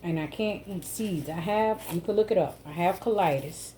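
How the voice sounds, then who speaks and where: A woman's voice: lowish voice, moderate pace. A woman chatting casually with her viewers in a home cooking vlog, calling them y'all and baby. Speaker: home cook vlogger. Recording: loud background noise.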